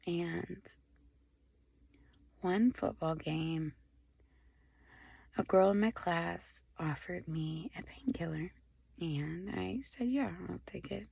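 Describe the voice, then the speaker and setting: Young woman telling her testimony, teary, raspy and low, lots of whispery bits. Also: no room sound. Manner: halting, many soft whispered stretches, fighting back tears. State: tearful. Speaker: vlogger sharing a personal testimony. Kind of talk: emotional personal testimony to camera.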